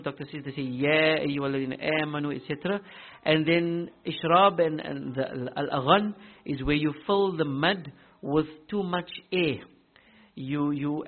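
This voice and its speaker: Man teaching Quran recitation, thin phone sound. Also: fairly high pitch. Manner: explanatory, restarts often, pronounces Arabic terms carefully. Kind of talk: explaining a tajweed text in a class. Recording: tinny phone-like recording.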